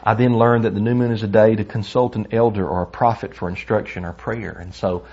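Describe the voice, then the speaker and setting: A man's voice: lowish voice, steady tone, a little fast, dark tone, slightly rough. A man teaching a Bible lesson in an earnest, conversational way, telling personal stories along the way. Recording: dull lo-fi recording.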